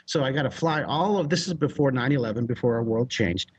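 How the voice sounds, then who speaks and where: An American man, a drawing teacher, telling a story as a guest with exuberant energy, laughs and shouted sound effects. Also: mid-range voice, expressive, a little fast, breathy edge. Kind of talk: animated storytelling.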